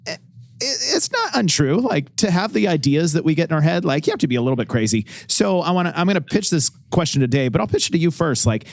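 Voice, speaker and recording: A man hosting a podcast interview, asking questions in a playful, joking way with pitch that jumps around. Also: big pitch swings, fast talker, no room sound. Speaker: podcast host.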